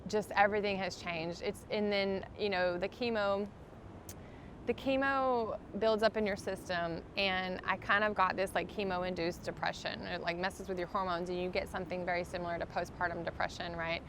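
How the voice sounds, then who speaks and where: A woman's voice: lowish voice, steady tone, normal speed, a bit bright, slight background noise. Heartfelt woman telling her story. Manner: earnest, heartfelt storytelling with many fillers. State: undergoing chemotherapy. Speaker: podcast guest. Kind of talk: casual interview storytelling.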